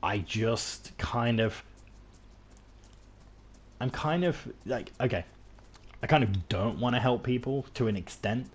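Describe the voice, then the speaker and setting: His voice is mid-range and husky, and he speaks slowly with long pauses. The English streamer chats casually about the game he's playing, rambling, poking fun at himself, and restarting often.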